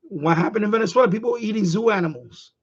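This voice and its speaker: A man's voice: high-pitched, fast talker, husky, lo-fi sound. A man ranting on his live stream, profane and heated, repeating himself.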